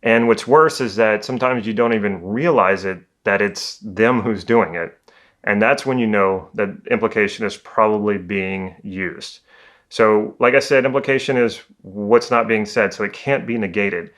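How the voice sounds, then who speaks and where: A man working as a communication coach, giving a calm, conversational educational talk. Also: lowish voice, moderate pace.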